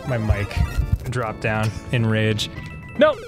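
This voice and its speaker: A man's voice: lowish voice, fairly even intonation, slow. A man co-hosting a let's play, raging, cursing and laughing at a hard level. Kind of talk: gaming commentary. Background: music.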